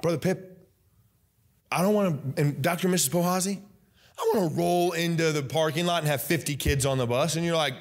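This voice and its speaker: A young man preaching a sermon as pastor, loud and animated, breaking into sing-song emphasis. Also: on the high side, fairly quick. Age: young adult.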